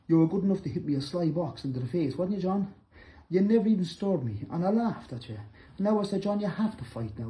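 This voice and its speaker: A middle-aged man, angrily calling out a rival directly to camera, accusing and repetitive, breaking into loud bursts. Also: on the high side, rough recording. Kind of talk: angry direct-to-camera callout.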